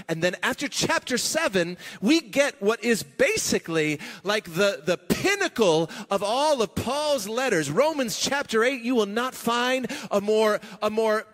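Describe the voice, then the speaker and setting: A long hall reverb fills the church sanctuary as a pastor with a high, fairly bright voice gives his sermon. Speaking a little slowly and in an animated way, he stays conversational but emphatic, breaking into chuckles and starting lines over.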